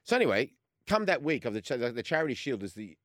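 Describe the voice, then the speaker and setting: A man in his fifties with an Australian accent, a former goalkeeper telling an animated story as a sports radio guest and acting out the conversations he recounts. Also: mid-range voice, fast talker, dry recording, clean studio sound. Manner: animated storyteller who acts out quoted exchanges.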